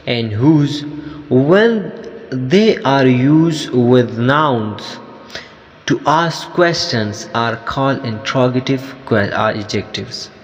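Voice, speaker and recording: Guy teaching english grammar, real slow and halting, lots of uhs, dull echoey sound. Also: medium pitch. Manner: slow, halting, many fillers and restarts. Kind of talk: grammar lesson.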